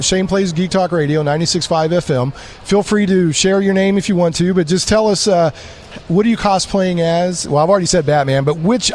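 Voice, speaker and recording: A man's voice: high-pitched, darkish tone, slight background noise. Rambling, enthusiastic male radio host. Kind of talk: live radio remote interview. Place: comic convention floor.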